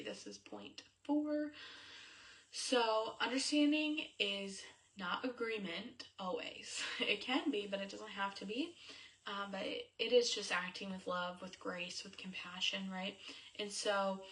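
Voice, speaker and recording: A woman's voice: medium pitch, fairly bright tone. A young woman giving a casual, chatty talk on faith and marriage as a coach, with many fillers. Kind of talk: casual teaching talk to camera. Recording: voice a bit distant from the mic.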